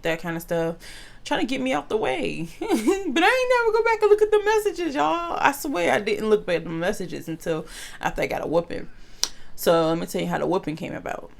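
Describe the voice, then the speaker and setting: Woman vlogger in a casual storytime, gravelly fry in her voice, lively and slangy with viewers. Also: lowish voice. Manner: animated, slangy, addresses viewers as y'all.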